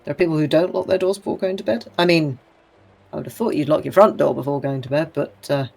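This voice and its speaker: A woman's voice: low voice, quick pace, gravelly, a little mellow. A woman co-hosting a live game stream, chatting and reading viewer comments aloud. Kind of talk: casual chat on a live stream.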